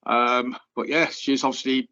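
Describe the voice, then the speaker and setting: A man's voice: mid-range voice, little pitch movement, a little slow, pushed and bright, lo-fi sound. Chatty man rambling about wrestling shows. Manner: rambling, filler-heavy, chatty. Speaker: podcast co-host. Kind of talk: casual chat.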